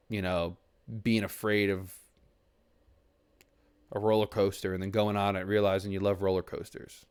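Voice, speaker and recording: A young man streaming from his desk mic, talking earnestly and at length to his chat, with restarts and the odd swear word. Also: medium pitch. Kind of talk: reflective casual talk to a stream chat. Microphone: desk mic at a computer.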